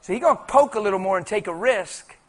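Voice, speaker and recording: A man preaching a sermon in an animated, conversational, colloquial way. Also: high-pitched, fast.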